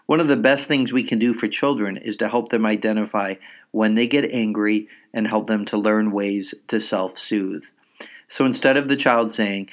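A man hosting a parenting podcast, explaining anger and self-soothing in a calm, measured way. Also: lowish voice. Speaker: psychologist podcast host. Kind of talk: educational parenting podcast talk.

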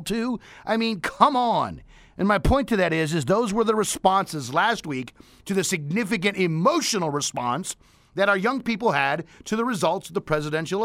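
A man's voice: high-pitched, bright, forceful tone, no room sound, clean studio sound. A man hosting a radio talk show, ranting emphatically with rhetorical questions.

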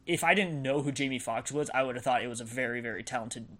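A young man co-hosting a podcast in casual chat, relaxed and laughing easily. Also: medium pitch, fast. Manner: relaxed, laughs often, fillers like "like". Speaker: podcast co-host.

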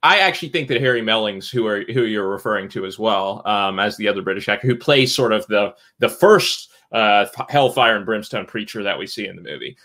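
Bright-voiced man hedging his opinions. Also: lowish voice, lively intonation. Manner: halting, hedging opinions with fillers. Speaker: film review podcast co-host. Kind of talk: casual film review chat.

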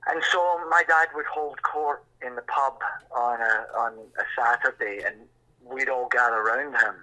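A man in his sixties, a musician telling a lively story and acting out voices in the quotes. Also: medium pitch, normal speed, low-quality recording. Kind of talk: anecdotal storytelling.

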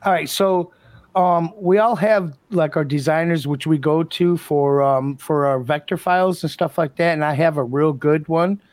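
A man co-hosting a casual podcast, talking in a halting, loose way full of fillers. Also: fairly high pitch, steady tone, a little mellow, no echo. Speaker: podcast co-host.

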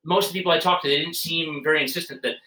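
A man talks shop as a brewer in easygoing podcast chat. His voice is bright and clear, and he wanders through his thoughts with plenty of fillers. He sits a little away from the microphone, so the room's echo comes through. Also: on the high side, rapid-fire. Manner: relaxed, rambling, many fillers and restarts. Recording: roomy, distant from the mic.

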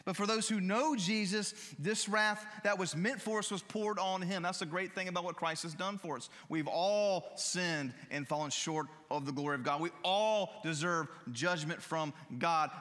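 A man's voice: sits high, bright, forceful tone. A man preaching a sermon as pastor, earnest and rising in fervor on key phrases, then leading a closing prayer in a church. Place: church sanctuary. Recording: long reverb of a church hall.

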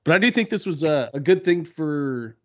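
A man's voice: on the high side, lively intonation, moderate pace. A laid-back man casually discussing a movie with friends, agreeing easily and saying "dude.". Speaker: podcast co-host.

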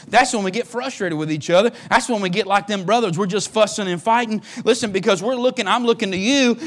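A man's voice: extremely high pitch, a bit bright. A man preaching a sermon, folksy and repetitive, often restarting his words.

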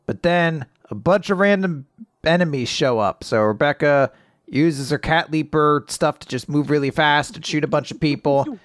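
A young man co-hosting a casual podcast, recapping a comic chapter in an animated, joking way and telling corny puns. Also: a little high, normal speed, no room sound, clean studio sound. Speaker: podcast co-host. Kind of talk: casual manga recap chat.

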